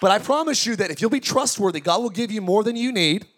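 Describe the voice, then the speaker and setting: A man with a high, bright voice preaches to a tent congregation. He keeps it lively, with jokes and questions thrown out to the crowd. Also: fast talker. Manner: energetic, joking preaching with audience call-outs. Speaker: pastor. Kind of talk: sermon. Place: large tent church.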